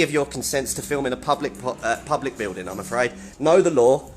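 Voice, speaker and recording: A man's voice: medium pitch, brisk, hardly any pauses. A man filming himself as he argues with staff inside a public office building, indignant and repetitive. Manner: indignant, argumentative, repeats himself. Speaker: self-filming activist. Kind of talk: confrontational self-filmed commentary.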